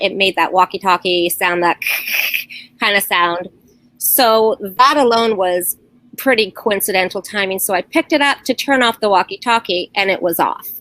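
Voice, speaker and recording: A woman's voice: medium pitch, a bit bright, poor audio. A middle-aged woman recounting strange happenings in her home for a documentary interview, earnest and storytelling, often quoting her children. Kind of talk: personal account, documentary interview.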